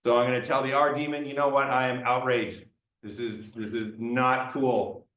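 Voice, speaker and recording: A man's voice: mid-range voice, little pitch movement, normal speed, fairly bright tone, close to an everyday voice. A man doing an exasperated angry demon. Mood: indignant. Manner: exasperated complaining. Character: indignant slash demon, male, angry. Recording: roomy lecture room, mic far off.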